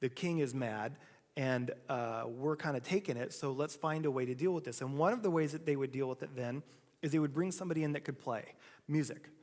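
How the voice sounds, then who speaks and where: With a mid-range, slightly mellow voice and a fairly quick pace, a man preaches in a church sanctuary where the reverb rings long. The pastor relates a story in a relaxed way, voicing each quote himself.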